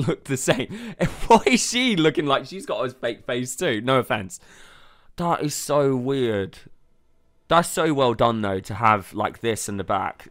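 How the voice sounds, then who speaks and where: A man's voice: medium pitch, a bit bright. A man hosting a reaction video. He talks casually, exclaims a lot, swears freely and laughs often.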